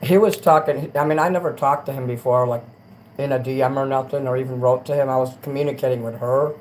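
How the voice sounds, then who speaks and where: On a casual late-night livestream, a crude male host rambles quickly, swinging between muttering and loud rants. His medium-pitched voice stays steady in tone, and the rough recording carries a faint hiss.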